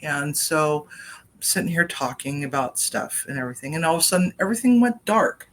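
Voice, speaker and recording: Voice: mid-range voice, brisk, a bit bright. A chef and cooking vlogger giving a casual personal update from a home kitchen, telling a story with tangents into a laptop webcam.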